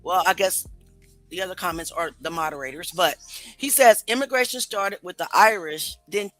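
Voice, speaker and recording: Woman host, bright voice, skeptical, talks to her viewers, light music behind. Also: lowish voice, normal speed, rough recording. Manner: skeptical, rhetorical questions to viewers. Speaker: commentary show host. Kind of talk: casual commentary.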